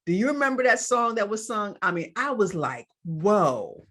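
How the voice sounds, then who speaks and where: A woman's voice: on the high side, animated, brisk, fairly bright tone. A woman co-hosting a faith podcast, chatting casually as she recaps a church celebration and a sermon, with fillers and asides. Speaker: podcast co-host.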